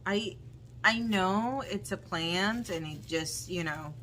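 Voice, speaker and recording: A woman vlogger doing casual unboxing commentary, talking in a halting, dismayed way with frequent ums. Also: mid-range voice, a bit bright, a little hiss or hum. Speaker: plant vlogger.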